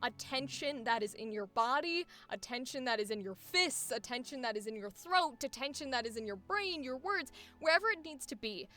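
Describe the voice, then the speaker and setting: A woman's voice: high voice, animated, normal speed, hardly any pauses, sharp tone. A young woman coaching a voice actor, explaining animatedly and acting out examples. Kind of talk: coaching session.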